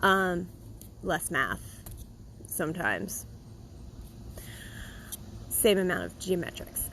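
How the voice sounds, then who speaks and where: A woman's voice: fairly low pitch, slow, slight background noise, rough recording. Blunt, emphatic woman talking to camera. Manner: blunt, emphatic, talks straight to the viewer; animated, mocks complaints in a put-on voice. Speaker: dog groomer and video host. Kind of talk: opinionated casual monologue.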